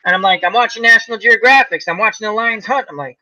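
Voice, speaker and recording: A man's voice: high voice, quick pace, pushed and bright, rough recording. A man in his forties hosting a casual chat, telling stories animatedly and acting out voices. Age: 40s. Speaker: host.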